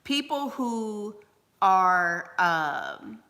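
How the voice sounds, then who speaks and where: A woman's voice: medium pitch, sing-song, very slow, gravelly, bright, forceful tone, long reverb tail. Blunt, emphatic woman coach. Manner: emphatic and blunt, with rhetorical questions. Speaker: life coach. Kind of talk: livestream advice talk.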